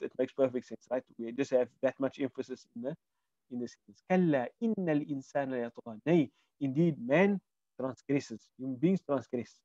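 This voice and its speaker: A man's voice: mid-range voice, mellow, no room sound, highs cut off. A man teaching a Quran Arabic lesson online, explaining word by word and asking his students questions. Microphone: video call.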